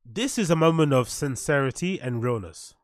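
A man's voice: medium pitch, animated, normal speed, no room sound, studio quality. Sarcastic man doing mocking commentary. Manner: sarcastic, swears a lot, reads chat aloud. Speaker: commentary streamer.

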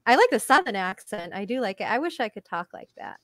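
A woman with a Massachusetts accent chats as co-host in a fairly high voice. She laughs often and swears freely. The sound is close and dry, with no room around it. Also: very animated, a bit bright, no echo. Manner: laughs often, swears, talks fast in runs. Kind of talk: casual chat.

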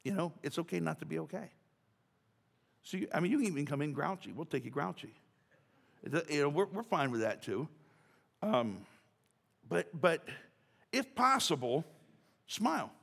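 A man's voice: a little high, big pitch swings, normal speed, vocal fry, pauses often, a bit bright. A man preaching a casual, joking sermon as pastor, talking chattily with many restarts and asides. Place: church sanctuary. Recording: church hall reverb.

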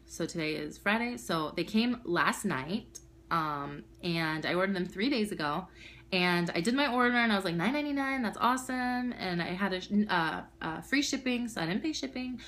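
A woman's voice: medium pitch, fairly bright tone. A young woman with a bubbly, gushing manner, talking casually to camera in an unboxing vlog at home. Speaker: vlogger.

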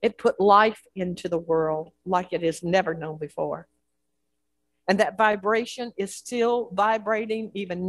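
A woman's voice: medium pitch, no room sound. A woman pastor preaching a sermon with a repetitive, building cadence.

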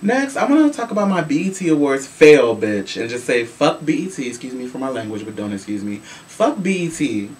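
A man from Chicago hosting a casual celebrity gossip show, sassy and animated, swearing freely. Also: mid-range voice, brisk, few pauses. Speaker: show host. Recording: voice from a distance with faint room noise.

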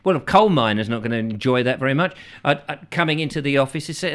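A man's voice: a little high, expressive, fast, hardly any pauses, a bit bright. Whimsical man rambling comically. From England. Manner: whimsical, chatty, muses aloud, slips into silly character voices. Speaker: host.

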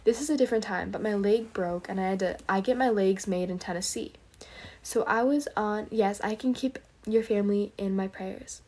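A woman's voice: medium pitch, normal speed, a little mellow. Earnest young woman sharing faith stories. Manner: earnest, breathless storytelling, whispers prayers. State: tired, late at night. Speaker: livestreamer. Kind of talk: casual faith testimony on a livestream.

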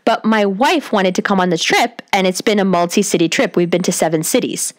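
A woman's voice: mid-range voice, fairly quick, natural voice. An earnest, polite male TV producer, patiently explaining why he is asking a favor, voiced by a woman in her own storytelling voice. His manner is courteous and a little apologetic.

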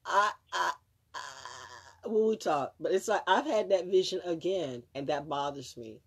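A woman's voice: lowish voice, animated, measured pace, slightly rough. A woman hosting a live stream, talking casually in a rambling, emphatic way with frequent swearing and restarts. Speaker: livestream host.

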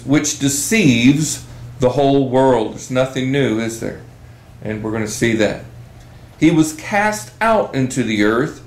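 In an echoey room, with rough recording quality, a man with a mid-range voice leads a Bible study, reading scripture aloud slowly and emphatically.

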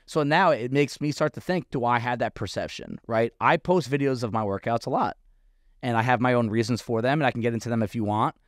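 A man's voice: medium pitch, fairly quick, dry recording, clean studio sound. A man co-hosting a fitness podcast, talking casually in a rambling, self-questioning way with frequent fillers. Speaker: podcast co-host, fitness coach.

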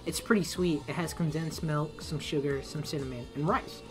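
A young man telling a casual story, swearing often and acting out quotes loudly. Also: a little high, moderate pace, music in the background. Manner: animated, swearing, acts out quotes in raised voice.

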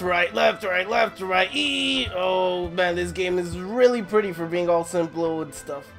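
A hoarse gaming host losing their voice, swearing and cheering through casual gameplay commentary at home. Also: medium pitch, a bit bright. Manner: profane, talks to the game, grunts and cheers while playing. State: hoarse, voice giving out from sickness.

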